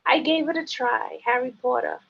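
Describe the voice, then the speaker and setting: A woman who grew up speaking chats playfully as a guest, quick to laugh. Her voice is raspy with gravel at the edges and sits a touch high. It comes through a dull, muffled call line. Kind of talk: casual flirty chat.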